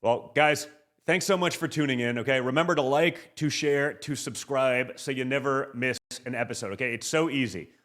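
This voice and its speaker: A man hosting a political interview show, talking quickly and emphatically and tagging his asks with "okay". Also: medium pitch, a bit bright. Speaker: podcast host.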